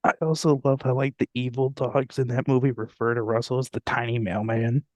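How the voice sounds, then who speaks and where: A man's voice: mid-range voice, fairly even intonation, a little fast, a little mellow, no echo. A young man co-hosting a podcast in casual chat, joking and laughing often. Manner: laughs often, jokey, puts on silly voices for quotes. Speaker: podcast co-host.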